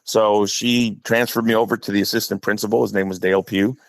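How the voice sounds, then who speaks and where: A middle-aged man with an Upper Midwest accent, talking low and gravelly as he spins a chatty, rambling story. His voice sits fairly deep and close to the mic in a dry, dead room. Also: flat delivery, brisk, no room sound. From Wisconsin. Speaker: guest, high school head football coach. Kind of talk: casual podcast storytelling.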